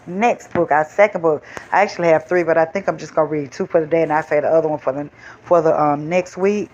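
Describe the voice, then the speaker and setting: A woman hosting a storytime, chatting casually to viewers in a relaxed, rambling way, on slightly dull lo-fi audio. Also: sits low. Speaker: storytime host.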